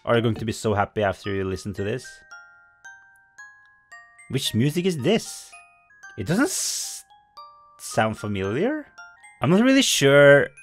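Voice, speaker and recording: A man hosting a gaming channel, chatting casually over gameplay and often jumping into high exclamations. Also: sing-song, measured pace, long pauses, faint music behind. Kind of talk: casual game commentary.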